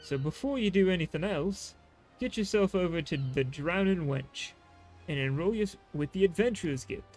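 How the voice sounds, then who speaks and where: A man's voice: sits high, expressive, normal speed, a little mellow, soft background music. A man voicing a blunt, worldly male guide in a game, tripping over his read lines. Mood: instructive.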